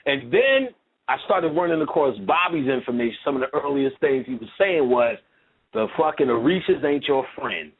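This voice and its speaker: A man with a husky, slightly breathy voice talks in loose, profane, rambling storytelling. His pitch swings widely and sits a little high for a man. The sound is thin and tinny, like a phone line. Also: expressive, moderate pace. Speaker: lecturer. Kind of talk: casual conversational storytelling.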